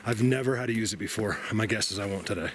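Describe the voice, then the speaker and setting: Brief: lowish male voice, chatty outdoor vlogger, winded on the climb, noisy on-camera outdoor audio. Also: quick pace. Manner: chatty, addresses viewers as "you guys". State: out of breath. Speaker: vlogger hiking and filming. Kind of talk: casual narration while hiking. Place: outdoors in mountain woods. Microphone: handheld camera mic.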